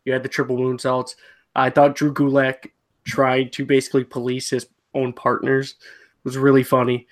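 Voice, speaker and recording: A man leads a casual podcast review, steady and matter-of-fact. He talks at a middle pitch and keeps dropping in small fillers as he lists matches. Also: moderate pace. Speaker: podcast host. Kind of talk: casual wrestling review chat.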